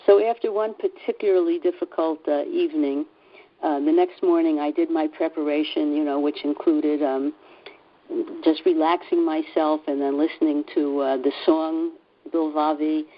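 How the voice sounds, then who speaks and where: A woman sharing a personal story in a group call, earnest and halting, with many fillers and restarts. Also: deep voice, steady tone, highs cut off. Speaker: class participant.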